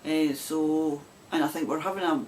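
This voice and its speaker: A woman's voice: low-pitched, steady tone, normal speed, a little mellow, a little hiss or hum. A woman with a broad Glasgow Scottish accent hosting a knitting podcast, chatting casually to camera with frequent laughs and rambling asides. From Scotland.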